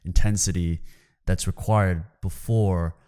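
Deep voiced guy hosting, rambling questions w lots of uh's. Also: steady tone, takes it slowly, warm tone, smooth. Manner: chatty, filler-heavy questions. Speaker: interview host. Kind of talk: conversational interview.

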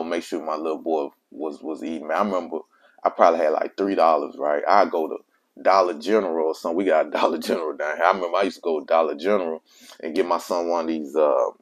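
A man who is a father, telling his own life story in casual, slangy speech and repeating himself for emphasis. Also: sits low. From Mississippi. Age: adult father of children.

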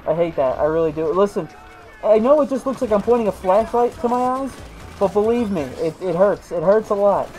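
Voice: mid-range voice, expressive, fairly quick, warm tone, slight background noise, rough recording. A video game host chatting casually while playing, rambling through stories with many restarts. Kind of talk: casual let's-play commentary.

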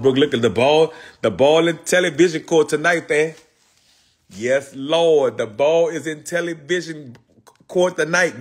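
A man's voice: on the high side, a bit bright, slightly rough. A man hosting a casual livestream, talking in loose street slang, repeating himself and calling out viewers by name. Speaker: livestream host.

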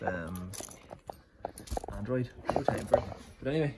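A young man with an Irish accent talks casually to his camera, wandering off into asides and fillers. His voice sits in a middle pitch. Steady noise runs behind him throughout. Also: brisk. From Ireland. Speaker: rower vlogging his trip. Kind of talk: casual vlog chat. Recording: clear background noise.

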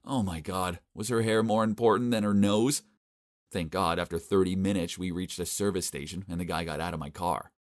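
A young man narrating an animated story in a complaining, exasperated manner. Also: sits low, brisk.

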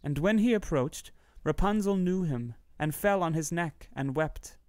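A man's voice: on the high side, dry recording, clean studio sound. Man reading a fairy tale aloud. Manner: steady, measured storytelling. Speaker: narrator. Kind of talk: storybook reading.

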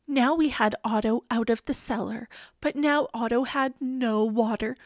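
A woman reading a children's picture book aloud in an expressive way. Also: fairly high pitch, no echo, clean studio sound. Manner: expressive, slow and lively. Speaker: storybook reader.

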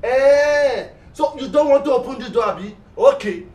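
An actor playing a threatening middle-aged moneylender in a sitcom, with a Nigerian accent and a loud, sarcastic, nagging manner. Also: male voice, extremely high pitch, moderate pace. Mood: angry. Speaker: moneylender demanding repayment. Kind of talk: sitcom acting. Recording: echoey room heard from a distance.

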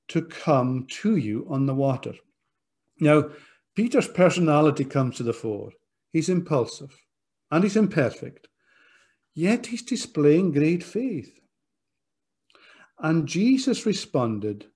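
A man's voice: a little high, sing-song, slow, long pauses, darkish tone. A man preaching a sermon as pastor, earnest and direct, appealing to his listeners. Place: church.

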